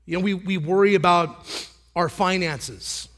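A man's voice: high-pitched, measured pace, a bit bright. A middle-aged man preaching a conversational sermon, telling stories with many restarts. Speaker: pastor.

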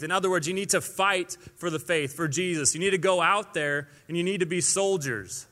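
A young man preaching a sermon in a lively, conversational way, acting out quotes as he goes. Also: high-pitched, brisk, long reverb tail.

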